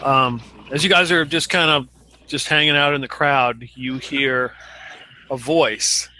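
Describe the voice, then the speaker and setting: A man running a tabletop game, narrating the scene casually. He hesitates and fills gaps with "um" and "like", in a very bright, sharp voice. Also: medium pitch, fairly even intonation, unhurried, slight background noise. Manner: hesitant, many fillers. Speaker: game master.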